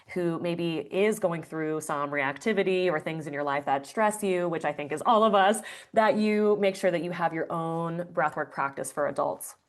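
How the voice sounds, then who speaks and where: A woman guest on an interview podcast, explaining breathwork earnestly with frequent fillers. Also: lowish voice. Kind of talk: conversational interview answer.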